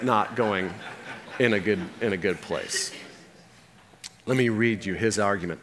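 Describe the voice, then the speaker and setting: Animated male preacher telling a story. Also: lowish voice, moderate pace. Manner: animated storytelling, acts out the characters. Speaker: pastor. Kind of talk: sermon.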